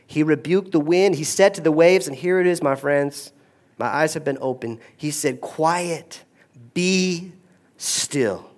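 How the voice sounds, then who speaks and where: Male pastor, fairly high voice; dynamic sermon delivery, hushed lows to loud peaks. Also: moderate pace.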